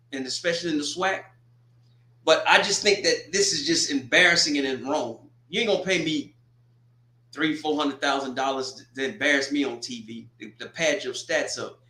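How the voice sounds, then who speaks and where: A man giving a casual, animated football score recap, joking and exclaiming as he goes. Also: a little high, reverberant. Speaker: sports commentator.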